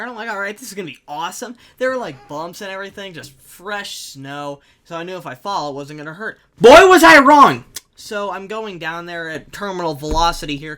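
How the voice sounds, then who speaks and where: A young man telling a comic personal anecdote in an animated, jokey way, with sudden loud bursts. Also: a little high. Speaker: storyteller.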